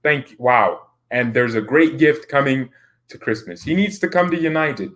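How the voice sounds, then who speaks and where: A man's voice: mid-range voice, lively intonation, normal speed, fairly bright tone. A man hosting a football channel, chatting casually as he reads viewer comments, rambling and laughing often.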